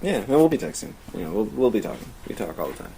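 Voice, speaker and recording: A man's voice: lowish voice, sing-song, fast, dark tone, poor audio. A man co-hosting a casual movie podcast over an internet call, easygoing and trailing off as he talks. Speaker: podcast co-host. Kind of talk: casual chat about movies.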